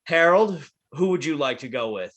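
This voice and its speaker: A man's voice: a little high, expressive, moderate pace, a bit bright. A man hosting a casual wrestling prediction podcast, calling on each co-host in turn. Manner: leads the talk, calls on each co-host.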